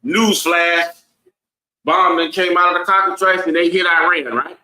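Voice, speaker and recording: A man's voice: sits high, fairly even intonation, a little slow, pushed and bright. Preachy man teaching a bible class. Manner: preachy, asks the room "right?" over and over. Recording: echoey room.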